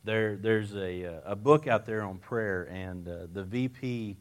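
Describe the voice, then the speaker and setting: A lower-pitched man preaches to a congregation. He tells folksy stories from his own life in an earnest way and often restarts his sentences. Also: unhurried. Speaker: lay preacher. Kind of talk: sermon with personal stories.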